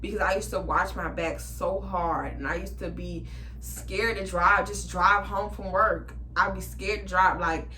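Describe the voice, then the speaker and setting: A young woman vlogger telling a storytime to her viewers, animated and blunt, swearing freely and talking straight to them. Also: on the low side, a little hiss or hum. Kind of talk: storytime chat to camera.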